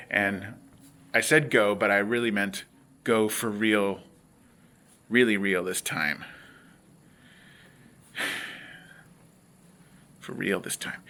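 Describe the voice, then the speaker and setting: A man's voice: fairly low pitch, fairly even intonation, takes it slowly, long pauses, sharp tone. A young man vlogging in a rambling, self-mocking monologue with frequent hesitations.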